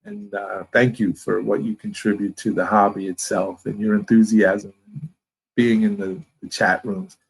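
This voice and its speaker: A man from Brooklyn with a New York accent, a guest in a casual interview who rambles warmly and animatedly. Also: fairly low pitch, moderate pace, gravelly, husky, rough recording. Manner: rambling, animated, talks with his hands.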